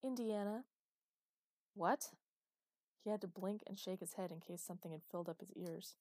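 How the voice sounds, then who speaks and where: A woman's voice: on the low side, steady tone, fast, mellow, no echo. Woman reading a story, dry close sound. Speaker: narrator. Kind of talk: audiobook narration.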